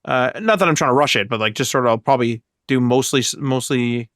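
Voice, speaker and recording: A man's voice: medium pitch, fast talker, a bit bright, dry recording, clean studio sound. A man casually chatting about video games on a podcast, rambling with lots of fillers. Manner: rambling, filler-heavy, acts out voices when retelling. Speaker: podcast co-host.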